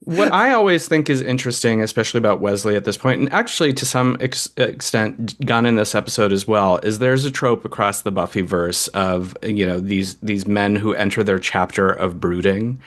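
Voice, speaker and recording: A man's voice: fairly low pitch, normal speed, hardly any pauses. A man co-hosting a podcast in casual chat, wry with exasperated asides. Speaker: podcast co-host.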